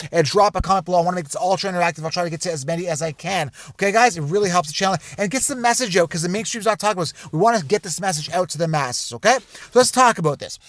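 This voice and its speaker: A man hosting a sports channel, talking straight to camera in an animated, conspiratorial rant full of repeated asides. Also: high voice, no echo. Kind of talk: casual direct-to-camera rant.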